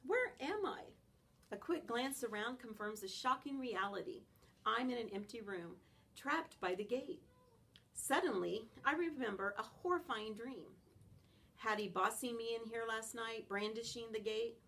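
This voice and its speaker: A woman reading a children's novel aloud in an expressive, animated first-person style. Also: a little high, normal speed. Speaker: audiobook reader.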